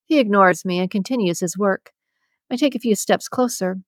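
A woman's voice: medium pitch, moderate pace, dry recording, clean studio sound. Woman narrating a first-person story. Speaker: audiobook narrator.

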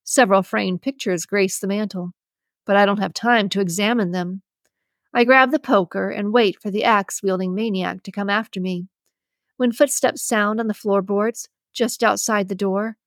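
A woman reading a first-person story as an audiobook narrator, with a measured, storytelling delivery. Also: medium pitch, no room sound, clean studio sound.

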